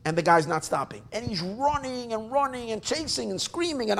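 Animated man telling a tale. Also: very high-pitched, brisk, gravelly. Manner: animated, swings between loud bursts and near-mumbled asides; frequent restarts and filler asides. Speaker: storyteller. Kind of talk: casual oral storytelling.

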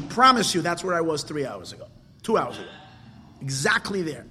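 A man teaching a Torah class, mixing Hebrew and Yiddish terms into English and swinging from quiet to loud. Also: on the high side, big pitch swings, fairly quick, long reverb tail, a little hiss or hum.

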